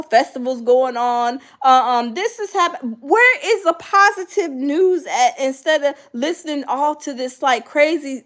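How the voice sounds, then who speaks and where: In a high-pitched voice, a middle-aged woman hosts an easygoing chat with live viewers. She speaks animatedly, throws in many fillers, and acts out how others talk.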